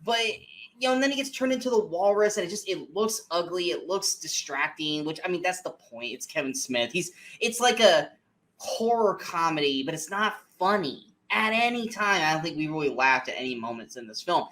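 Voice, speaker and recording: A man co-hosting a movie review podcast, ranting in an animated, exasperated way with plenty of swearing. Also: on the high side, moderate pace. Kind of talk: casual movie review chat.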